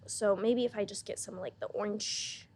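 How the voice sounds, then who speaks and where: A young woman hosting a podcast, chatting in a deadpan, mock-earnest, playful way. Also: mid-range voice, normal speed, breathy edge. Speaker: podcast host. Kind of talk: casual comedic podcast chat.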